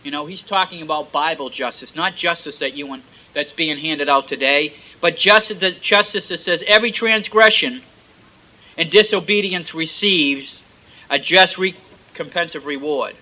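A man preaching a sermon, retelling scripture emphatically and swinging between loud and soft. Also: on the high side, normal speed, low-quality recording.

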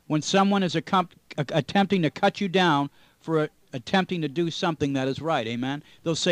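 Male pastor, emphatic Bible teacher, slightly high voice, dry close sound. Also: normal speed, no room sound. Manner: emphatic preacher, reads scripture aloud with stress; frequent "amen?" asides and small restarts.

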